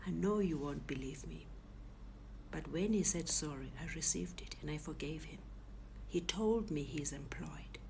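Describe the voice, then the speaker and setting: A woman recounts a personal ordeal in a low, breathy half-whisper. She voices the people in her story as she goes. Faint noise sits under the recording. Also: normal speed, dark tone.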